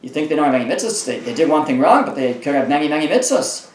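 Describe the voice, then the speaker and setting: A man's voice: fairly high pitch, big pitch swings, fast, echoey room. A man teaching a daily Talmud page. He reads each phrase aloud, then translates and explains it, often restarting his sentences.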